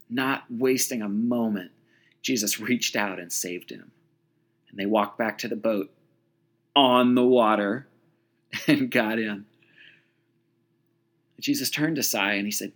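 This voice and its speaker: Husky-voiced man telling a sermon story. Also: medium pitch, measured pace, a bit bright.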